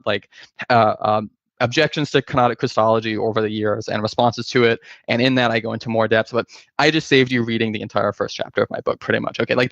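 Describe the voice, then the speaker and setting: A man lays out an argument in a loose, casual academic style, rattling along quickly with lots of "like" and "um." The sound is dry and a little dull, as if on a video call. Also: mid-range voice, gravelly, fairly bright tone, no room sound. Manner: fast, filler-heavy, restarts often. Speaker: guest presenter, author.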